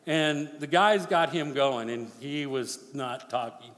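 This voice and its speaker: A man preaching a sermon as pastor, swinging from forceful near-shouted appeals to hushed, quick storytelling. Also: mid-range voice. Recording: long reverb of a large hall.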